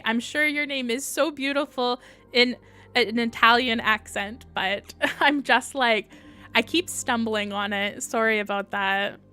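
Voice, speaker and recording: Young female streamer, fairly high voice, unhurried chatty delivery, reacts to chat. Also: bright, forceful tone. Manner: chatty, reads and answers viewer comments. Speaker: livestream host. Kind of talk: casual livestream chat.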